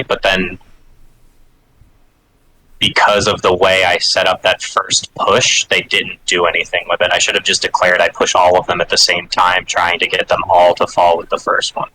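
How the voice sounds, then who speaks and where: A man's voice: sits low, background noise. A man playing in a tabletop game, talking casually and bluntly, now and then swearing. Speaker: player. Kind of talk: casual chat.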